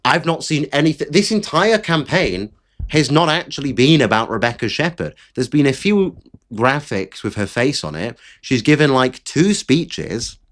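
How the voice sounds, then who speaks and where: A man's voice: medium pitch, big pitch swings, normal speed, a bit bright. Blunt, profane man ranting. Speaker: political commentary host. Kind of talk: opinionated political commentary.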